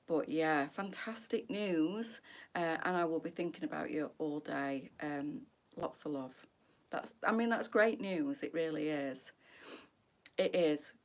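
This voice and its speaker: Woman, live shop host, chatty, affectionate, greets viewers by name. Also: lowish voice. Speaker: boutique live-stream host.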